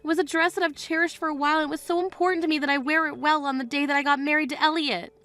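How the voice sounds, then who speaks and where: An indignant young bride who stands her ground, voiced by a woman in a texting story. Her voice is high, bright and sharp-edged, and she speaks firmly and plainly. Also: steady tone, very fast, no room sound. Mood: upset. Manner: firm, indignant. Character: young bride, wronged and firm. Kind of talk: text-message story reading.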